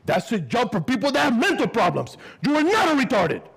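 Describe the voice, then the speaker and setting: Casual: guy doing his furious dad, loud and shrill, totally losing it. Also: big pitch swings, a little fast, low-quality recording. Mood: outraged. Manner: loud, outraged, mixing Spanish into English. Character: exasperated middle-aged father, yelling.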